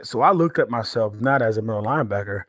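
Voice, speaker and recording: A man in his forties, a guest on a podcast, telling stories in an animated way with many restarts and fillers. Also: lowish voice, quick pace, no echo, clean studio sound. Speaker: guest, former pro football player turned entrepreneur. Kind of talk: storytelling podcast interview.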